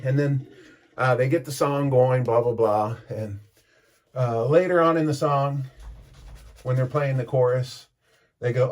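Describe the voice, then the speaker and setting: This vlogger rambles through a story as he shaves, often cutting himself off to remark on things in a chatty way. His mid-range voice is a little mellow, with fairly even intonation, a slightly slow pace and frequent pauses.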